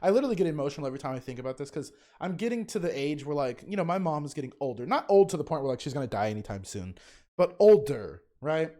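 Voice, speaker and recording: A young man, a teacher, giving casual, emotional fan commentary in a reaction video, often halting and restarting. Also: fairly high pitch, animated, dark tone.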